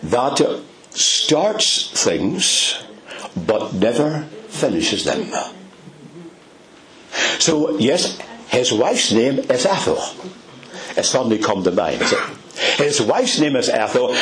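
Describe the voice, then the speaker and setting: Older man delivering a sermon with a very lively, sweeping pitch that leaps up high on emphasis and sinks low at phrase ends. He speaks slowly and deliberately, stretching out key words as he tells his congregation stories. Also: low-quality recording. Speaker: preacher.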